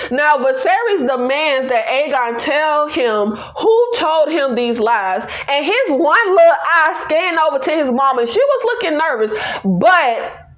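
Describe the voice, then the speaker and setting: High voiced woman doing a tv recap, swoops all over, laughs a lot, slangy and playful. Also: a bit bright. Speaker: TV recap reviewer. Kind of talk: casual review chat.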